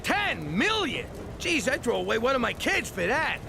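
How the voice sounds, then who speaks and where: A man's voice: very high voice, sing-song, vocal fry, noisy background, exaggerated voice. A man voicing a brash, sarcastic ex-mobster in an adult cartoon. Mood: scheming. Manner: brash, sarcastic, fast comebacks. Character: wisecracking ex-mobster man in exile. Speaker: lead character and narrator.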